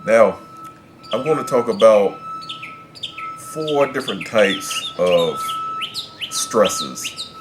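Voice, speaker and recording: A man with an expressive voice on the low side guides learners through Spanish pronunciation in English, measured in delivery and returning to his explanations in new words. Birds chirp amid clear background noise.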